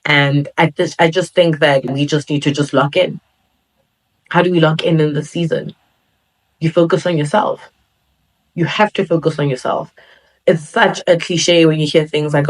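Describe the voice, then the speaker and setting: A woman's voice: low-pitched, steady tone, moderate pace, rough recording. Earnest young woman podcast host. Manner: earnest, motivational, with playful quoted asides. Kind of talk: solo podcast talk.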